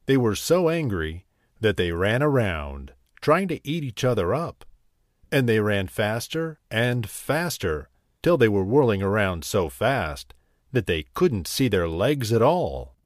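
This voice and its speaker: A man reading a children's story aloud in a slow, lively, sing-song manner. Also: fairly low pitch, no room sound, clean studio sound.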